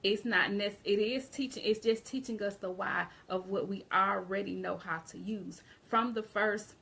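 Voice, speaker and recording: A woman's voice: medium pitch, steady tone, normal speed, creaky, a bit bright. A woman from the Southern United States with a Southern accent, giving a casual, conversational online grammar lesson and often restarting her phrases. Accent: Southern American. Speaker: English teacher.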